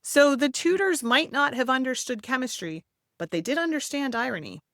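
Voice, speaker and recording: A woman's voice: high-pitched, animated, moderate pace, fairly bright tone, dry recording, clean studio sound. A woman hosting a history podcast, reading a scripted narration with playful, theatrical emphasis and chatty asides.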